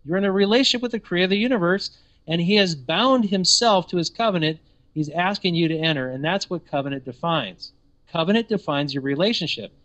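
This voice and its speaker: A man's voice: sits high, lively intonation, a little fast, a bit bright, dull audio. A man giving a sermon-style teaching, emphatic and full of rhetorical questions.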